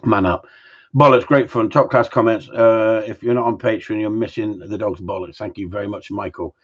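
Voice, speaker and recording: A man's voice: lowish voice, fairly even intonation, normal speed, breathy edge. A man hosting a casual live-stream Q&A from home, rambling and joking with mild swearing. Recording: slightly dull lo-fi sound.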